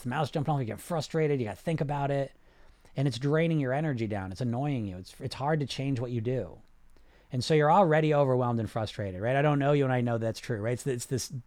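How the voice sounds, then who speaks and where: Male coach, a bit high, rambling and animated, live-chat host who turns to calm relaxation cues, dry close sound. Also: no echo. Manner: rambling, animated, with frequent restarts and "right?". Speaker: weight-loss coach and podcast host.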